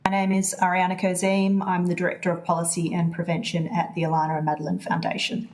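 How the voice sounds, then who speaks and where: A woman, a charity policy director, reading a measured, prepared opening statement over a video call. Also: lowish voice, completely flat delivery, low-quality recording.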